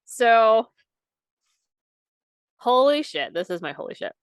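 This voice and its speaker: Chatty woman with a smooth voice. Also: a little high, very animated, slow, no room sound. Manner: chatty, swears freely, lots of "like". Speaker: podcast co-host. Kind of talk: casual chat.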